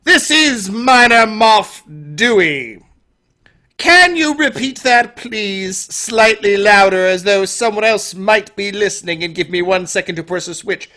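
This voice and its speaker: A man voicing a nervous fanboy Imperial officer who fakes a British accent, shrill and excitable. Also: measured pace, heavily acted. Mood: fussy. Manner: high, shrill, excitable, squeaky.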